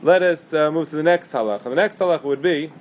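A man's voice: a little high, quick pace, slight background noise. A man teaching a casual halacha class, thinking aloud with fillers and restarts. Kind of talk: casual Torah class lecture.

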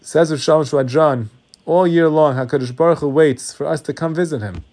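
A man preaching as a rabbi, telling a parable that he acts out, with his voice dropping to hushed tones. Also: on the high side, fairly quick. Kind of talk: sermon with parable.

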